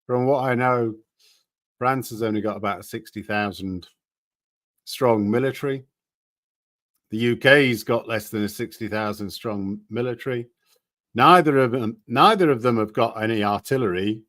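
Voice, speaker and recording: A man's voice: mid-range voice, normal speed, a bit bright, dry recording, studio quality. A man giving casual, skeptical commentary on current events, often reading articles aloud and asking rhetorical questions. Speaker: political commentator.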